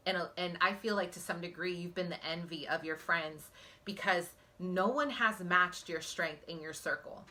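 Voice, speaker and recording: Intense low-voiced woman psychic reader. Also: moderate pace, sharp tone. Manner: earnest, emotional, speaks straight to viewers. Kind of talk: pick-a-card psychic reading to viewers.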